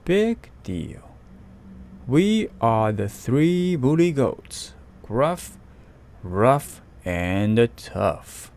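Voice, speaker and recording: A man's voice: medium pitch, very animated, extremely slow, gravelly, darkish tone, full character voice. A man voicing a big, bullying male billy goat who growls and scoffs, in a read-aloud storybook. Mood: scoffing.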